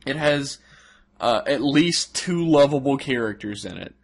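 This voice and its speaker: A young man co-hosts a casual podcast, voicing firm opinions with easy laughter. His voice sits at a plain middle pitch. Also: lively intonation, unhurried, vocal fry, husky. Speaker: podcast co-host. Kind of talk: casual chat.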